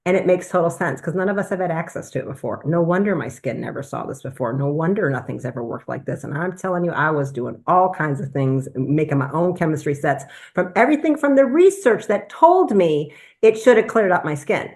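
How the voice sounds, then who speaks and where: A woman with a somewhat low-pitched voice recounts a personal experience, animated and conversational. She speaks as a physician addressing a business presentation and tells the story with plenty of energy. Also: brisk, few pauses. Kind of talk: personal testimonial talk.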